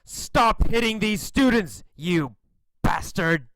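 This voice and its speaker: Male reader playing a brash young rescuer: confident, forceful, slow and dry. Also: high voice, lively intonation, creaky, no echo, heavily acted, poor audio. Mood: heroic.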